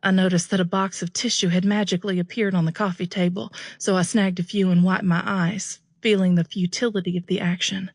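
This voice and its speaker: A woman narrating a romance audiobook in a steady first-person storytelling voice. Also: on the low side, fairly quick, hardly any pauses, dry recording, clean studio sound.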